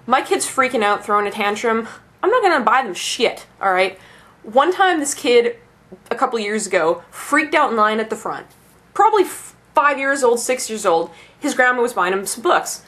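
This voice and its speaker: A woman's voice: a little high, animated, moderate pace, a bit bright. A young adult woman ranting casually about her bookstore job, swearing freely and laughing at her own asides. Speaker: bookstore employee.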